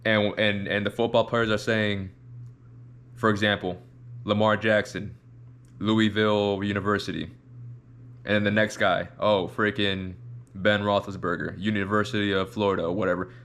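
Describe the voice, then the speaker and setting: A man's voice: on the low side, level tone, normal speed, fairly bright tone. A man hosting a reaction video, talking in a loose, rambling way and repeating himself as he makes his point. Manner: rambling, repeats words, demonstrates voices. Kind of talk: casual commentary.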